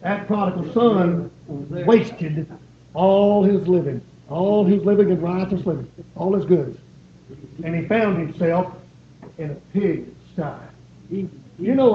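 A man's voice: high voice, lively intonation, slow pace, a little hiss or hum. A man preaching a sermon, pleading and repeating his points with rising emphasis. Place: church. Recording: echoey, dull church recording.

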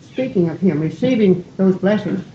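A woman preaching a sermon in a church, folksy and digressive, often breaking off and gently poking fun at herself. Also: medium pitch, animated, moderate pace, background noise. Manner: digressive, folksy, self-deprecating. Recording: roomy, dull lo-fi church recording.

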